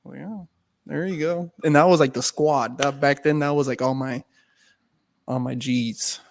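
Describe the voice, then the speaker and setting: A young man co-hosting a podcast, telling a story in animated, slangy talk with lots of swearing and laughter. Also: mid-range voice, moderate pace, gravelly, a little hiss or hum. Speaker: podcast co-host. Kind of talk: casual chat, storytelling.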